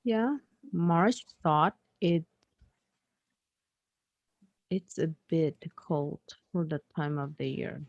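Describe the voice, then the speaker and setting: Patient woman teaching English slowly. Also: low-pitched, expressive, gravelly, no echo, highs cut off. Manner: patient, polite, gently corrects grammar. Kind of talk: online one-on-one English lesson.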